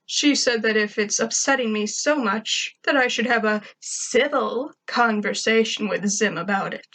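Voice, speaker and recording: A woman's voice: a little high, a bit bright, rough recording. A woman reading a first-person fan fiction story aloud in a wry, conversational way. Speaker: narrator.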